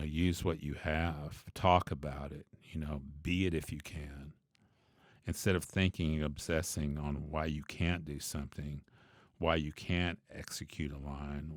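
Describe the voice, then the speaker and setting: A man who teaches bass, talking through his ideas in a loose, reflective way, with many asides and restarts. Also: no echo, studio quality. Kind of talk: conversational teaching monologue.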